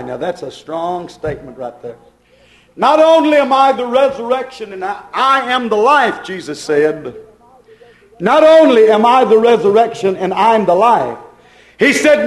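Male preacher, high voice, fervent sermon delivery, echoey room. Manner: fervent preaching, rising and falling loudness. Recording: echoey hall.

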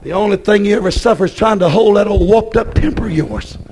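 A man preaching a fiery sermon, swinging from shouted bursts down to quiet storytelling. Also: fast, slight background noise. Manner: shouting bursts then drops to low storytelling.

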